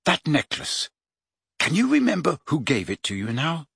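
A man's voice: on the high side, very animated, normal speed, fairly bright tone, husky, dry recording, studio quality, heavily acted. A man voicing a guarded, earnest teenage schoolboy.

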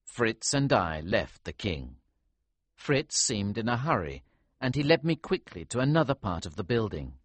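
Male audiobook narrator: low and husky, with an animated, wide-ranging delivery. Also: unhurried, no room sound. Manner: expressive first-person narration. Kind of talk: storybook reading.

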